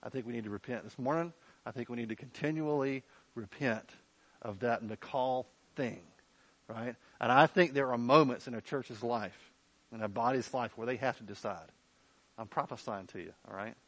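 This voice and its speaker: Candid, bright-voiced male pastor preaching. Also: medium pitch, moderate pace, rough recording. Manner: conversational and candid, often checks in with "right?". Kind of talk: sermon.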